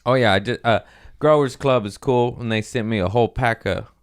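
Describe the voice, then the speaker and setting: A young man talking in a casual comedic monologue, joking and swinging into loud character voices. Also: mid-range voice, a little fast. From Mexican-American family. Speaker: comedian podcast host.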